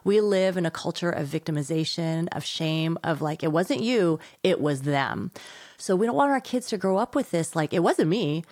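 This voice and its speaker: An energetic woman speaks as an interview guest, explaining ideas in a low-pitched voice. She laughs easily and slips into playful children's voices. The sound is dry and close. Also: normal speed, no echo. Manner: energetic, laughs often, acts out kids' voices. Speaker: author and guest. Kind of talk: interview conversation.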